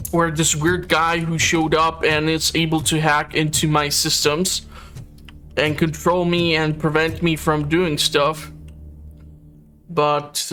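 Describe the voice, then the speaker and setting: A man's voice: on the high side, pushed and bright. A man hosting a casual gameplay commentary, chatty and a bit hesitant. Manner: chatty, hesitant, with filler words. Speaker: host. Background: game audio and music.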